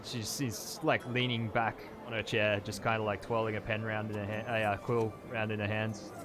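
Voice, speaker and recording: A man narrating as game master of a tabletop game, halting with fillers and restarts. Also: on the low side, little pitch movement, music in the background.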